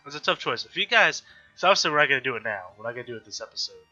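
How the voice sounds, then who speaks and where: A man's voice: medium pitch, animated, racing, bright, forceful tone. Nasal-voiced man narrating a game. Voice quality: nasal from allergies. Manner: chatty, thinking aloud, frustrated outbursts. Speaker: gaming YouTuber. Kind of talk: casual let's-play commentary. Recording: dull lo-fi audio with faint game music. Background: faint game music.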